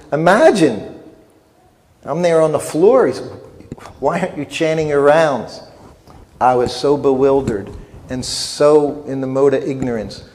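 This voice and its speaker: The long reverb of a festival hall surrounds an older man's mid-range, darkish voice. As a festival speaker, he delivers a storytelling lecture built around a comic, self-mocking anecdote.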